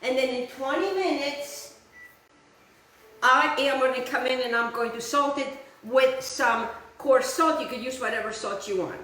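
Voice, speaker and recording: A woman's voice: high-pitched, measured pace, a bit bright, very echoey, low-quality recording. A woman hosting a cooking show, chatting casually to her viewers as she demonstrates a recipe in her kitchen. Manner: chatty, addresses viewers as guys, repeats "just like that".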